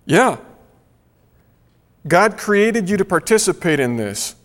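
A man preaching a sermon, earnest and emphatic, slowing down to stress key phrases. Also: on the high side. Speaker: pastor. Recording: long hall reverb.

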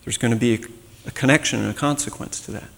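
Guy preaching, chatty, gravelly voice, hall reverb hanging on it. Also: medium pitch, fast, a bit bright. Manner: conversational, acts out quoted voices. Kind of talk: sermon. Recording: long reverb.

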